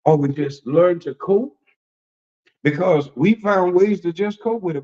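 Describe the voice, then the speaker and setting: A man preaching conversationally as an apostle, folksy and animated, often repeating phrases and acting out the voices he quotes. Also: high voice, measured pace, highs cut off. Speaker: apostle and preacher leading a discussion.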